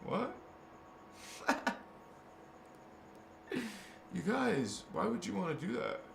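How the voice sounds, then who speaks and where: A man with a high, bright-ish voice and vocal fry takes his time, sounding very animated. He's a spiritual vlogger rambling casually to camera, often restarting and repeating words. Echo fills the room, and faint noise sits in the background.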